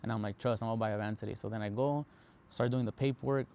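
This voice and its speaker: A man's voice: fairly low pitch, fairly even intonation, fast, a little mellow. A young man hosting a podcast, telling his story casually with lots of fillers and Spanish slang. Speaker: podcast host.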